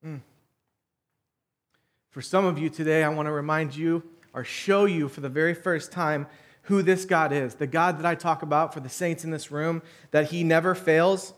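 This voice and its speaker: Earnest man preaching. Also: on the high side. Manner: earnest, emotional, many fillers and restarts. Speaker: preacher and church elder. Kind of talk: church announcements then sermon. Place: church sanctuary.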